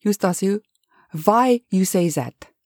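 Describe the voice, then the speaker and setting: A woman's voice: mid-range voice, animated, slow pace, darkish tone, no echo, studio quality, pitched above the performer's own voice. A woman voicing a commanding businessman in his seventies in a bedtime story, with short, clipped orders. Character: rich commanding German man in his seventies.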